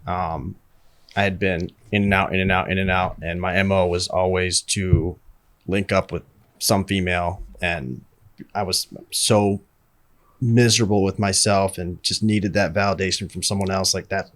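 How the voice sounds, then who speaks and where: A man with a very deep voice talks in a casual podcast conversation. He speaks candidly and reflectively about his own past. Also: level tone, moderate pace, a bit bright. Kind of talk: casual chat.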